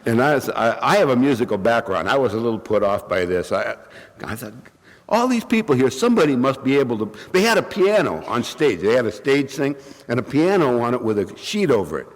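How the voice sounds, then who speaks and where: A man's voice: medium pitch, big pitch swings, a little fast. A man with bronchitis, coughing now and then, telling a wry, self-mocking story to a recovery meeting and acting out the quotes. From California. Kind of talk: humorous storytelling talk. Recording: reverberant hall.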